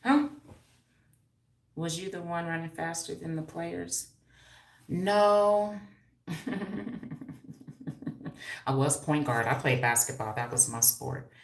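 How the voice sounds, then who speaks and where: A woman of about fifty talks on her livestream in a low, deep voice, loud-mouthed and quick to swear or laugh. She chats casually with viewers and answers their comments. The sound is roomy and echoey, like it was recorded in a bare room at home. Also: fairly even intonation, gravelly. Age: 50s. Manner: brash and profane, laughing often. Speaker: hairstylist and livestream host.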